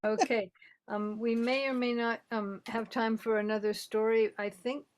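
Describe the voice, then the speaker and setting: A woman's voice: fairly high pitch, fairly even intonation, moderate pace, dry recording. A woman hosting a storytelling group, speaking casually with small hesitations and encouraging others. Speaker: event host.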